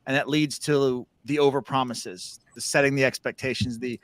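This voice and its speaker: A man co-hosting a podcast in casual chat, agreeable and quick to laugh. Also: mid-range voice, steady tone, no room sound. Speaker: podcast co-host.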